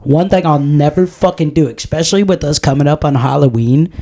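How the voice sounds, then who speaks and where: A man's voice: fairly high pitch, a little fast, mellow. Profane man telling stories. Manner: profane, storytelling. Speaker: podcast co-host. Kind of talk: casual chat.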